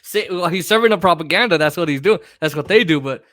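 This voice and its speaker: A man hosting a political livestream, joking and swearing freely in a loose, casual way. His voice runs a little high and moves with lively ups and downs, and the sound is dry and close. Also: fast talker, no echo. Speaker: livestream host. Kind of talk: casual political commentary chat.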